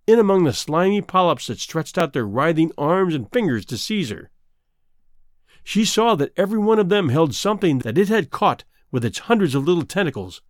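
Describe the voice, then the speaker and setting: A man reading a fairy tale aloud as a storyteller, in a dramatic, expressive way. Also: on the high side, no echo, clean studio sound. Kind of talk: scripted narration of a fairy tale.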